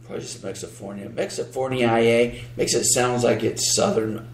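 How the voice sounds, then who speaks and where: A man's voice: medium pitch, steady tone, normal speed, roomy sound, slight background noise. A man co-hosting a podcast, giving sarcastic, combative political commentary and reading news aloud with asides. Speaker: podcast co-host.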